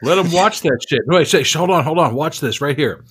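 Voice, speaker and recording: A man's voice: a little high, expressive, husky. A man co-hosting a podcast, bantering and joking loosely with plenty of swearing. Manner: joking, profane, quick to act out bits.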